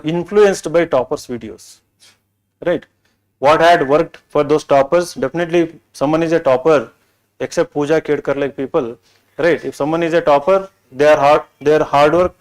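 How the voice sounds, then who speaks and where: A man's voice: on the high side, darkish tone, poor audio. A man with an Indian English accent giving an orientation lecture to exam students, talking in a chatty, digressive way and often asking "right?". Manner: chatty, digressive, peppered with "right?" and "you know". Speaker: exam coaching teacher.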